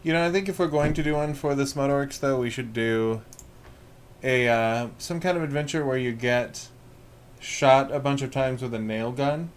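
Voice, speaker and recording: A man's voice: mid-range voice, moderate pace, a little hiss or hum. Dry-humored man co-hosting a podcast. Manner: dry, joking, spitballing ideas. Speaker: podcast co-host. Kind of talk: casual podcast chat.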